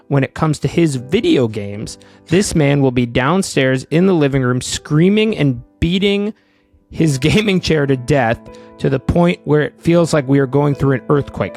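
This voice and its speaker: A man reading listener letters aloud on a podcast. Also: mid-range voice. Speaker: co-host reading listener questions.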